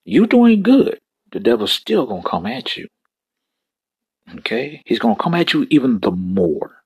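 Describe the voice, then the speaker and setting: A man's voice: medium pitch, big pitch swings, a little slow, long pauses, a little mellow, husky, no room sound. A male preacher delivering a fervent sermon, repeating phrases and breaking into exclamations.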